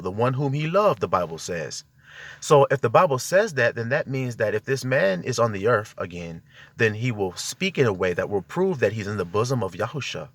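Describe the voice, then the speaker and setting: A man giving an impassioned spiritual monologue from inside a car, exhorting his listeners with rhetorical questions. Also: medium pitch. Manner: exhorting, fired-up, peppered with rhetorical questions to the audience. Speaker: self-styled preacher.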